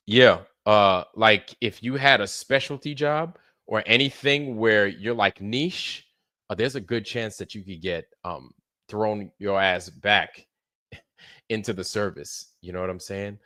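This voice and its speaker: Bright, loose-talking livestream host man. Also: fairly low pitch, slow pace, no room sound, clean studio sound. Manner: profane, rambling, laughs often. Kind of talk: casual chat.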